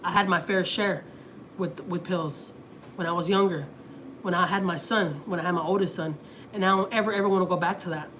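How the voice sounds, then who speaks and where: A woman's voice: lowish voice, steady tone, a little fast, a bit bright, slight background noise. Rambling Houston woman telling a story. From Houston, Texas. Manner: rambling storytelling, acts out her own quotes. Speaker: family vlogger on a livestream. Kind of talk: casual livestream chat.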